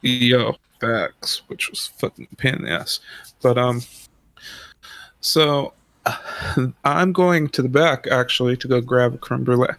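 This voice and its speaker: Taking his time and pausing often, a medium-pitched man with a fairly bright tone spins a lengthy, meandering tale full of profanity and his own laughter. There's no room sound.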